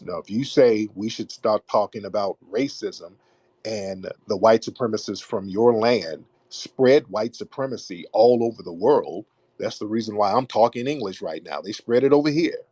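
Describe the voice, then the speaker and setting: A man hosting a live call-in debate, forceful and insistent, repeating his points and cutting callers off. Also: on the low side, normal speed, slightly rough, dry recording. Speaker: host of a live call-in audio show.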